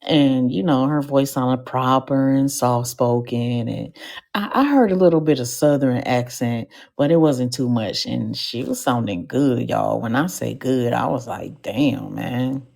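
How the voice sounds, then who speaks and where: Gravelly low-voiced woman telling stories. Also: unhurried. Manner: animated, slangy storytelling with comic asides to the audience. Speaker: podcast host. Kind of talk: live podcast storytelling. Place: live show stage.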